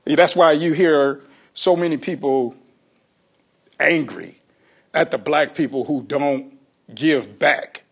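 A male comedian, a guest on an interview show, telling stories in an animated, slangy way and laughing often. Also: fairly high pitch, takes it slowly, gravelly, pauses often, breathy edge. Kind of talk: casual interview storytelling.

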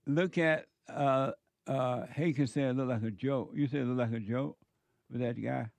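A man's voice: medium pitch, normal speed, gravelly, a little mellow, no echo. A man hosting a commentary show, delivering an emphatic, lecturing monologue that repeats its points.

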